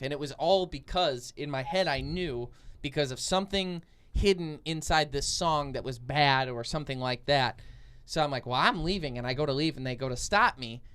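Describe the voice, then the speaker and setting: A man's voice: medium pitch, a bit bright, clean tone. A young man co-hosting a podcast, telling a long dream story in casual chat, full of fillers and restarts. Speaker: podcast co-host.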